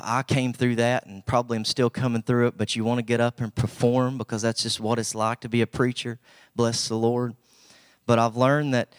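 A man's voice: mid-range voice, smooth, no echo, studio quality. A young man from Southwest Virginia with an Appalachian accent, preaching a folksy, humble sermon that rises to emphatic bursts.

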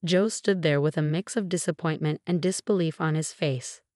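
A woman with a lowish voice reads a first-person family drama from a script, her delivery steady and measured. The recording sounds close and dry, free of any room sound.

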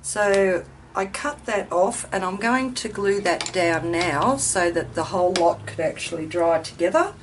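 A woman's voice: fairly low pitch, expressive, a little slow. Chatty woman crafting at home. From Australia. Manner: chatty, self-deprecating, thinks aloud. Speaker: craft video host. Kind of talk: casual chat while crafting. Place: home craft room with ceiling fan running. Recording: distant mic, faint fan noise.

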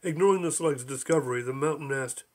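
A man's voice: on the high side, fast talker, darkish tone. Man reading his own quirky story. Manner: plays many odd creatures with small shifts of voice. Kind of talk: audiobook narration.

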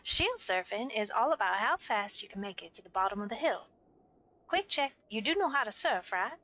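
A woman voicing an upbeat female shield-surfing instructor in a soft, gentle way, reading game dialogue aloud. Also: on the high side, poor audio.

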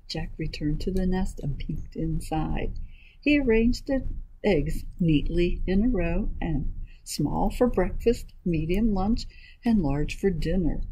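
A woman children's librarian reading a picture book aloud to young listeners. She speaks very slowly and animatedly, pausing to ask questions. Her tone is mellow, and faint noise sits behind her. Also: fairly low pitch, low-quality recording.

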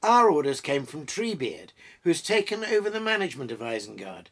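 A man's voice: a little high, sing-song, brisk, a bit bright, exaggerated voice. A man voicing a young male hobbit who speaks with mock-formal courtesy in a storybook reading.

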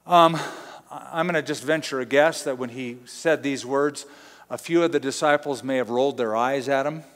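A middle-aged pastor from Southern California preaching a sermon in a conversational, storytelling way, acting out quotes. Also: male voice, mid-range voice, moderate pace, big-room sound.

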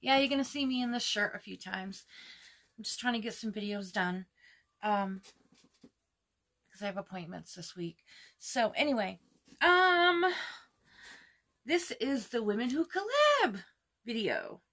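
A woman in her fifties chatting casually through a makeup tutorial at home, gushing over the colors and sometimes dropping to a soft whisper. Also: fairly high pitch, animated, a little slow, pauses often. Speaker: beauty vlogger.

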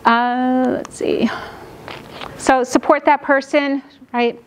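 A middle-aged woman gives a classroom lecture on caregiving. Her voice sits a little high for a woman. She talks quickly and keeps tagging her points with "right?" to pull the room along. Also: fairly even intonation, a little hiss or hum. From New York. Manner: fast-talking, frequent "right?" checks with the audience. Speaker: lecturer on dementia care.

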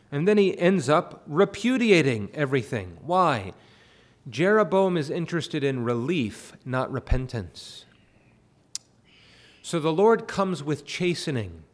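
A man's voice: fairly high pitch, sing-song, takes it slowly. Man preaching a Bible sermon. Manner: expository preaching, rising to impassioned pleading. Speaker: pastor. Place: church sanctuary.

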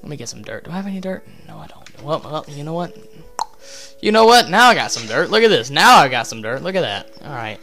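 A man's voice: fairly high pitch, sing-song, a little fast, creaky, pushed and bright, soft background music. A man giving casual let's-play commentary, rambling and interrupting himself, with offhand swearing as he talks to himself. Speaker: gameplay commentator.

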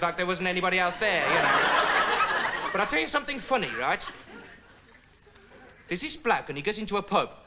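Rambling comic with a lively high voice. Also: male voice. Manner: rambling, dim, full of "you know" and "right". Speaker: comedy character presenter. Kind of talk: rambling deadpan comic monologue to camera. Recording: old TV broadcast with loud hiss. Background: studio audience laughter.

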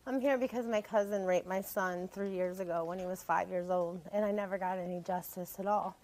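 A woman's voice: lowish voice, steady tone, a little fast, a little mellow, poor audio. A woman appearing as a guest on a talk show, telling her story emotionally and rambling, repeating herself.

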